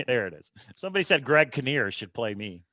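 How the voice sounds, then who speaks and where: A man's voice: medium pitch, very animated, moderate pace, bright, forceful tone, no echo. A man hosting a casual live stream, easygoing and laughing often as he reads out viewer comments. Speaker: host of a treasure hunt show.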